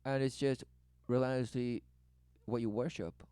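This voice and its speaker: A man with a medium-pitched, slightly mellow, clean voice speaks a little slowly in a dry recording. His rambling commentary free-associates and circles back to the same words, with "relentlessly" coming up a lot. When quoting others, he mimics them in a raised voice.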